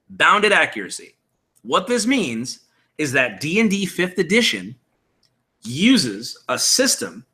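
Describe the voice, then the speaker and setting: A man's voice: on the high side, sharp tone. A man in his thirties hosting a live-streamed tutorial, casually explaining tabletop game rules and answering chat.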